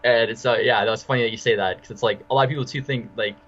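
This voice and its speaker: A man's voice: medium pitch, steady tone, quick pace, a bit bright, highs cut off. A man from Wisconsin with an Upper Midwest accent, an MMA fighter chatting easily as an interview guest, often laughing and repeating words. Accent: Upper Midwest American. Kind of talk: casual interview chat.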